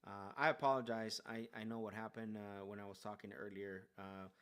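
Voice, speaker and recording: A man talks in a somewhat low voice, upbeat and loose, stumbling over fillers as he chats to a live stream from his car. He makes sales calls and talks through them casually between attempts. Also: level tone, brisk, fairly bright tone, smooth. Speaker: real estate sales caller and host.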